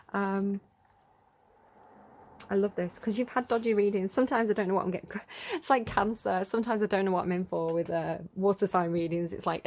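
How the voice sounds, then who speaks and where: A woman's voice: medium pitch, gravelly, darkish tone. Chatty English woman reading tarot. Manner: chatty, giggly, reads card text then riffs freely. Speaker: tarot reader. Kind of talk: casual collective tarot reading.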